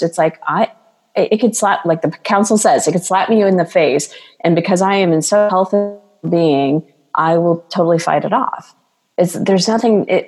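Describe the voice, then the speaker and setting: A woman's voice: on the low side, a little mellow, husky, in a large hall. A woman guest coach talking earnestly in a podcast interview, telling stories with plenty of fillers. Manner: earnest, storytelling with many fillers.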